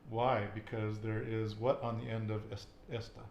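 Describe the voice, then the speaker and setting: A man's voice: lowish voice, little pitch movement, normal speed, gravelly, darkish tone, lo-fi sound, slight background noise. Patient man teaching Spanish in echoey room. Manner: patient, quizzing with questions. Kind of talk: casual language lesson.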